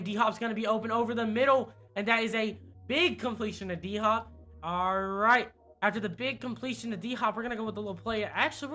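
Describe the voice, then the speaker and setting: A young man giving casual, excitable play-by-play commentary on a football video game, with lots of fillers. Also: high voice. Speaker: gaming YouTuber.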